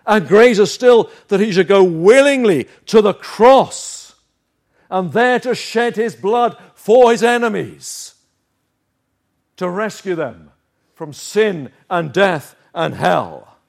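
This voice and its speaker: A man preaching from the pulpit in an earnest, emphatic sermon. His voice sits a little high for a man, and he takes his time, leaning hard on the key phrases. The delivery is measured and deliberate throughout. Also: expressive, gravelly.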